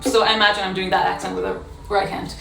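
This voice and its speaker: A woman in a casual practice session, explaining how she practices a violin piece in a thoughtful way, pausing often with fillers. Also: medium pitch, level tone, vocal fry, loud music behind the voice. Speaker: violin teacher. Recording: echoey room with violin playing.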